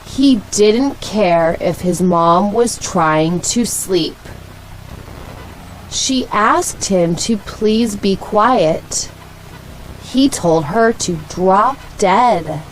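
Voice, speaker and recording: An American woman reads simple sentences for language learners, one at a time. She speaks extremely slowly, with clean pauses between lines. Her voice sits at a middle pitch, and a faint ambient hiss runs underneath. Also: animated, poor audio. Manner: pauses between short sentences, clearly enunciated. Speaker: English reading teacher. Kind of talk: slow, deliberate read-aloud for learners.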